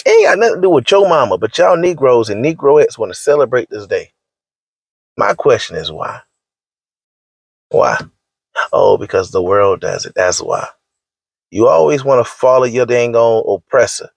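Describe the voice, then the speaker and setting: A man's voice: medium pitch, expressive, normal speed, creaky, long pauses, husky, dry recording. A man delivering a preachy, scolding rant in slangy speech, hammering his points home by repeating them. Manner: emphatic and repetitive, scolding, slangy. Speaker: online commentator.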